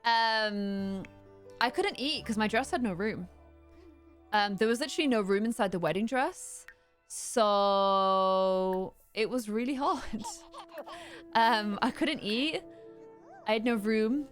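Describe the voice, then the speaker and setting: A young woman chatting casually while playing a game, rambling with fillers and breaking into high excited squeals. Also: slow pace, long pauses. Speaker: gameplay streamer. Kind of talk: casual chat over gameplay. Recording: faint music in background.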